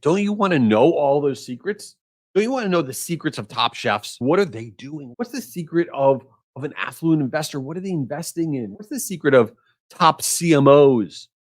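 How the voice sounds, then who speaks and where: Animated, lively male podcast host. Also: on the high side, moderate pace, no echo, studio quality. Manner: energetic, animated, jokey opinions. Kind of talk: solo podcast monologue.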